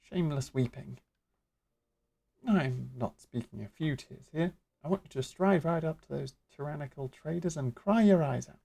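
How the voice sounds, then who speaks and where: Lady doing a pompous old-style mage mentor, slow and grand, gravelly dark voice, kinda husky. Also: deep voice, heavily acted. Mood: grandiose. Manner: florid, archaic, lecturing delivery. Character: grandly theatrical magic guild master mentor.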